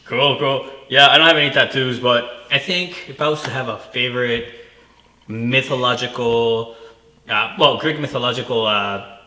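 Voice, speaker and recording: A man's voice: medium pitch, moderate pace, bright, forceful tone. A male co-host in casual chat who swears freely and laughs easily. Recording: echoey room.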